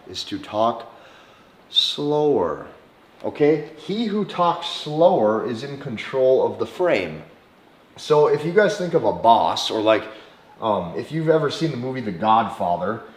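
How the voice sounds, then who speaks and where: A man giving dating advice in a slow, deliberate monologue, softly acting out short example lines. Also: mid-range voice. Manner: slow, deliberate delivery with soft acted-out examples. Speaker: dating coach. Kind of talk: instructional monologue to camera. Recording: echoey room.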